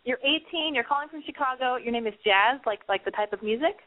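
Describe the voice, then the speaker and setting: A woman's voice: high-pitched, fast, no room sound. Blunt, profane woman on a tinny phone line. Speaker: call-in radio advice host. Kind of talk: casual call-in advice show. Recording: phone-line quality, dry.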